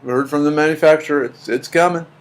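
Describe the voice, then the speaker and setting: A man's voice: on the high side, steady tone, fast talker. Chatty rambling middle-aged man. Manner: chatty, rambling, repeats words. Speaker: livestream host reading chat. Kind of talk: casual chat.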